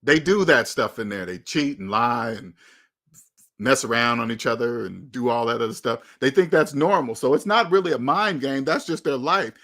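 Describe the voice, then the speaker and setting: A man's voice: medium pitch, lively intonation, normal speed, a bit bright. A man, hosting his own channel and giving blunt, emphatic advice in a candid monologue, often repeating phrases for stress. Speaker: channel host.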